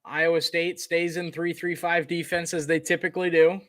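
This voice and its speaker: Bright-voiced casual male play-by-play caller. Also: on the high side, normal speed, dry recording, studio quality. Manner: conversational, fillers, gets excited on big plays. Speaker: live game commentator.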